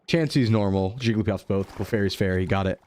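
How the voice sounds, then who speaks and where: A young man chatting casually while streaming a game, playful and quick to drop into goofy voices. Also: on the low side, darkish tone. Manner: playful, jumps into goofy voices and dub impressions. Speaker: VTuber streamer. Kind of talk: casual gaming chat.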